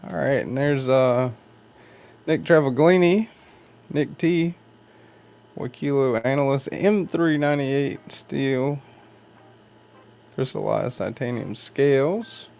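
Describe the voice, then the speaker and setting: A man's voice: medium pitch, slow pace, vocal fry, long pauses, darkish tone. A man hosting a casual livestream, rambling in a laid-back way and greeting viewers by name. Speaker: knife channel livestream host. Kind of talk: casual livestream chat reading viewer comments.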